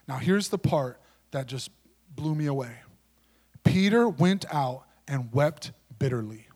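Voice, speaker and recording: Emphatic high-voiced male preacher. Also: lively intonation, measured pace. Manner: emphatic, swings between loud and hushed. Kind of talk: sermon.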